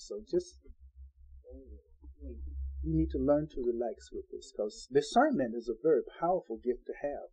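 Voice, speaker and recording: A man's voice: on the high side, moderate pace, warm tone, slightly rough, muffled recording. A man preaching an informal Bible-study sermon in a folksy, conversational way, acting out the people he quotes.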